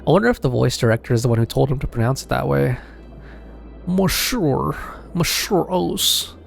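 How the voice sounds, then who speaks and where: Gravelly man chatting over gameplay. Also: mid-range voice, rapid-fire, darkish tone, soft background music. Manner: chatty, musing aloud with restarts. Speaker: gameplay streamer. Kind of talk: casual gameplay commentary.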